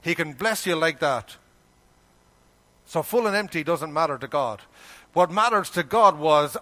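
A man's voice: fairly high pitch, lively intonation, normal speed, bright, forceful tone. A man preaching a sermon, emphatic, asking the listeners rhetorical questions and acting out the people he quotes. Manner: acts out quoted voices.

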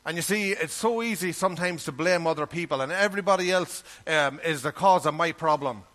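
A man's voice: on the high side, a little fast, a bit bright. A man preaching a sermon, talking earnestly and conversationally and reading scripture aloud. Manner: earnest, conversational, reads scripture in King James wording.

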